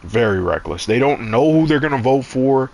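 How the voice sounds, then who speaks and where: Young guy streaming, casual chat, swears a lot, rambles and restarts, middle pitch. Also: moderate pace, a little mellow. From Canada. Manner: rambling, profane storytelling with many restarts. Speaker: gaming streamer. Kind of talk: casual chat while gaming.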